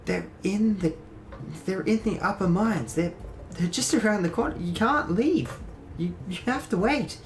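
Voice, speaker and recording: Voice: medium pitch, unhurried, slight background noise, voice pushed up, close to an everyday voice. A game master voicing a frightened young woman who pleads and stammers in a tabletop game. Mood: urgent. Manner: stammering, anxious.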